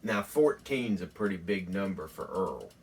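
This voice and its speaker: Slow-talking folksy male host. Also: low-pitched, recorded from a distance, a little hiss or hum. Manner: folksy, deadpan, rambling. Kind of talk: mock home tutorial comedy.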